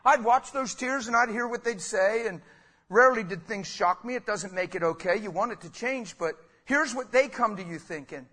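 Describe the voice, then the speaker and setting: A man's voice: sits high, normal speed, pushed and bright. A man preaching a sermon as a pastor, passionate and conversational, talking straight to his listeners.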